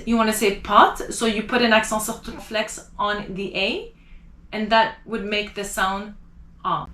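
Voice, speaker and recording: A woman with a bright, slightly high voice gives an online language lesson. She walks through accent marks and repeats each sound slowly and carefully. The room has a noticeable echo. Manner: slow, careful pronunciation drills. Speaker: French teacher. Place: Los Angeles. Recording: echoey room.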